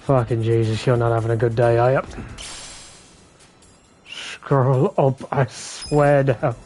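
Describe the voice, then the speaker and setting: A man's voice: mid-range voice, flat delivery, takes it slowly, darkish tone. A man doing casual live commentary over a game, bickering and swearing with his chat. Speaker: game streamer. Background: game music.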